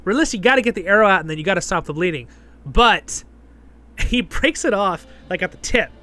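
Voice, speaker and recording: A man's voice: high-pitched, expressive, fast talker, bright, forceful tone. A man hosting a casual spoken review, chatty and rambling, full of fillers and frequent "right?" checks. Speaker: host and show reviewer.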